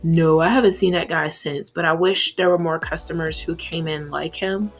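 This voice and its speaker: A woman's voice: low-pitched, fairly even intonation, moderate pace, soft background music. A young woman chatting casually while doing her makeup, rambling with plenty of fillers. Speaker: beauty vlogger.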